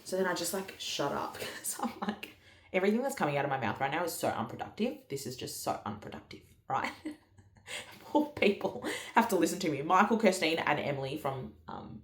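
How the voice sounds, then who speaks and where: A vlogger tells a story in a chatty, casual way, packed with fillers and quoted dialogue. Her voice sits low, and the room sounds echoey.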